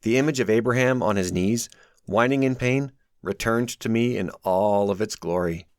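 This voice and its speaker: Reading his novel aloud in the first person, this author has a lowish, slightly mellow voice and moves at a normal speed. He delivers the audiobook narration expressively, recorded in studio quality without echo.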